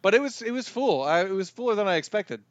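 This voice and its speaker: A man's voice: sits high, lively intonation, fast, no echo. A man co-hosting a podcast in casual chat, recounting things in an easygoing way. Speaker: podcast co-host.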